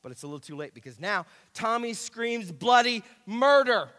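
Emphatic male pastor preaching, a high and lively voice, echoing hall. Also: fairly quick, noisy background. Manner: animated, emphatic, repeats key phrases. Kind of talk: sermon. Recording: echoey hall.

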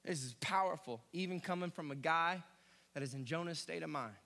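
A male pastor preaching a sermon, swinging between quiet asides and shouted emphasis. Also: a little high, fairly quick, gravelly, big-room sound.

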